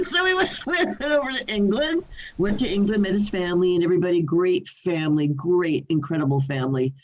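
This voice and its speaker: An older woman speaks from her home over a video call, telling an animated story with frequent laughs and false starts. Her pitch sits in the middle for a woman. The audio is dull and lo-fi. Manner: animated, laughing, restarts often. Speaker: singer, interview guest. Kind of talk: storytelling in a remote interview.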